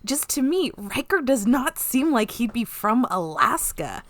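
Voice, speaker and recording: A woman co-hosting a podcast in casual chat, animated and profane, recapping an episode with laughs and venting. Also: on the high side, unhurried, no room sound. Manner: animated, swears freely, laughs and vents. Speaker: podcast co-host.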